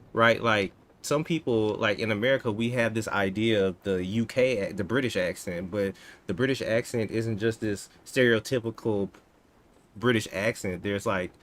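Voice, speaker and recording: A man in his thirties casually chatting to himself and his viewers while coding, relaxed and slangy. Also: lowish voice. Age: 30s. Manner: laid-back, talks to himself, drawn-out slangy asides. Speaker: coding streamer. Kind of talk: casual live-stream chat while coding.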